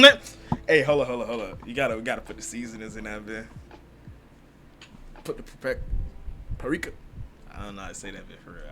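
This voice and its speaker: A man giving casual, slangy reaction commentary on a manga chapter, excitable and quick to laugh. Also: lowish voice, noisy background.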